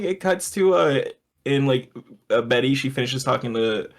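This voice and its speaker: A man co-hosts a loose comedy podcast and retells a show scene by scene. He laughs often and keeps breaking into put-on voices for the characters. His pitch and tone stay in an ordinary middle range. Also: animated, normal speed. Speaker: podcast co-host. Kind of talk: casual comedic chat.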